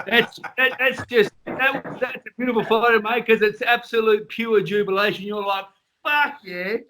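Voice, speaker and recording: An Australian man with a notably high voice talks in an easy, laid-back manner. He stumbles and repeats himself as he warms to a story. It sounds like a relaxed guest chat with mates. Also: normal speed, echoey room, slight background noise. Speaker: guest, former boxing champion.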